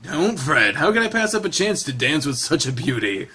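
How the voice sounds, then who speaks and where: A man voicing a polite, gentle young male wolf who speaks softly and courteously. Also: on the high side, very animated, normal speed, breathy edge, heavily acted. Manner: soft-spoken, courteous.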